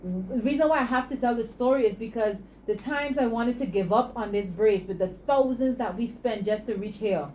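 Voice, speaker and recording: A woman, a guest in an interview, telling stories and making her pitch with preachy passion. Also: normal speed, few pauses, darkish tone, a little hiss or hum, poor audio. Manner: passionate, preachy, acts out dialogue. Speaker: entrepreneur guest.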